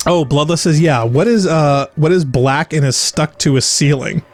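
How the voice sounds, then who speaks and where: A man's voice: a little high, moderate pace, soft background music. A man hosting a let's play, chatting casually, laughing often and reading viewer comments aloud. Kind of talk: casual gameplay chat.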